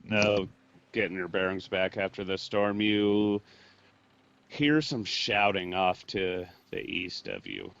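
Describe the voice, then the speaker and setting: Slow, low-voiced male game master. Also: sing-song, vocal fry, fairly bright tone. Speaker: dungeon master. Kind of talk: narrating a tabletop game. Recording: dull lo-fi mic.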